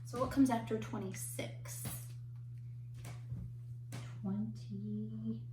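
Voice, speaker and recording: A woman teaching a remote lesson to young children, speaking in a slow, patient, encouraging way. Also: fairly high pitch, fairly even intonation. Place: home. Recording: echoey room, faint noise.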